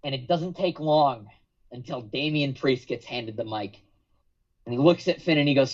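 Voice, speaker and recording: A man's voice: medium pitch, moderate pace. A man on a podcast, telling a long story with drama and acting out the lines of others, with some swearing. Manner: dramatic, acts out quotes, profane. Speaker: podcast guest. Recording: dull lo-fi podcast audio.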